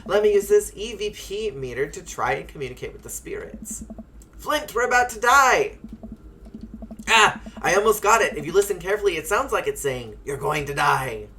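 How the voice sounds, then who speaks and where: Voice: mid-range voice, animated, a little fast, hardly any pauses, a bit bright, a little hiss or hum, voice pushed up. A streamer voicing a goofy trucker and ghost hunter from a TV show, hammy and over the top. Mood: panicked.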